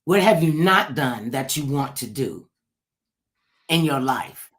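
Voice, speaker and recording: A woman hosting a casual interview chat, telling stories in a lively comic way and acting out the voices of the people she quotes. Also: rumbling low, slow. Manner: animated comic storyteller, acts out quoted voices. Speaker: talk show host.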